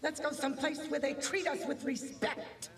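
Actresses playing haughty, offended women customers in a sitcom clip. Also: female voice, high-pitched, steady tone, moderate pace, close to an everyday voice. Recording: echoey far-off TV clip, laugh track, noise.

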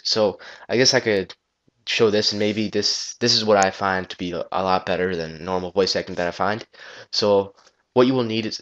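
Rambling man on a lo-fi headset. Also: fairly low pitch. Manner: rambling, loose, swears and restarts. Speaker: tutorial maker. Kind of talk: casual screen-recorded software tutorial. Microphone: gaming headset.

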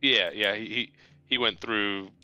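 A man's voice: on the low side, fairly even intonation, a little slow, pushed and bright, no room sound, dull audio. A man playing in a tabletop game, chiming in on turns and rules. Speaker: player. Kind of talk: casual tabletop game play.

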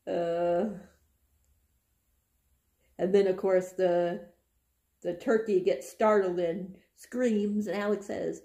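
A woman's voice: medium pitch, takes it slowly, long pauses, dark tone. A young woman casually reading passages aloud from a book and chatting about them, breaking into giggles often. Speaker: book vlogger.

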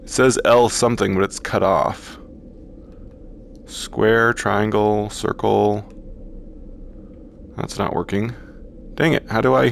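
A man commenting on a virtual reality game as he plays it, talking slowly and haltingly and gushing over the sights. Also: fairly low pitch, gravelly, slight background noise. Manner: slow, halting, awestruck. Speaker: gaming YouTuber. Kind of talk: VR gameplay commentary.

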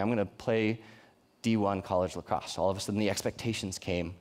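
A man's voice: lowish voice, fairly even intonation, fast talker, darkish tone. Earnest young man preaching to a youth group. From Colorado. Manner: earnest, conversational preaching with frequent restarts. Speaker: youth pastor. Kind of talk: sermon. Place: church youth service.

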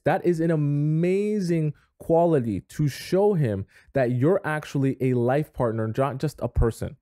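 Male advice vlogger, mellow and dry, emphatic and chatty. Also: mid-range voice, dry recording. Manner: emphatic, conversational, acts out scenes. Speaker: dating advice host. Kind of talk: direct-to-camera advice talk.

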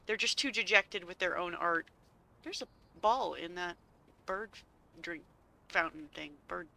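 A woman with a fairly low, gravelly, bright voice and a forceful tone speaks unhurriedly as she plays. The gaming channel host sits at home, joking her way through the game and talking to herself.

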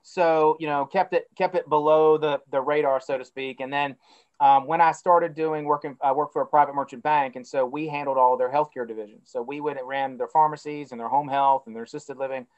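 An energetic, enthusiastic man from North Carolina with a Southern twang, talking as an interview guest on a video call. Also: a little high, brisk. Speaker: guest, cannabis company CEO. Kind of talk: casual interview talk. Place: outdoors by a plant facility, on a video call. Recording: dull lo-fi video call audio.

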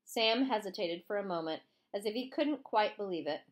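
A woman reads a chapter of a novel aloud. Her storytelling is expressive, with lively pitch movement around a mid-range voice. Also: moderate pace, few pauses. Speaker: narrator. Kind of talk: audiobook reading.

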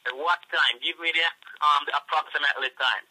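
A man with a Jamaican accent rants and threatens down the phone, swearing at nearly every turn. His voice sits a little high and rings very bright and sharp. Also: a little fast, rough recording. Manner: profane, threatening, ranting. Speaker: phone scammer. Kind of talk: angry phone call.

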